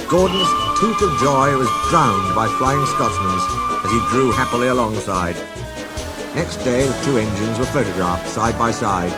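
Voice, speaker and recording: A man narrating a children's storybook with a measured, expressive reading. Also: medium pitch, poor audio. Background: music.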